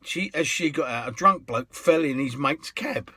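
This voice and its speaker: A man's voice: on the high side, animated, normal speed, pushed and bright, no room sound, clean studio sound. A man with a British accent, a cab driver telling casual anecdotes in a chatty, rambling way. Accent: British English. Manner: chatty, rambling, with restarts and laughs.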